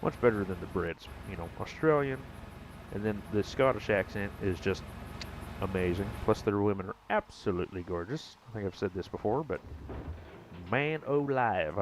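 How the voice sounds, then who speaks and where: A man's voice: lowish voice, background noise. An American man chatting casually and jokingly with viewers during a gaming live stream. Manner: rambling, jokey, talks to chat.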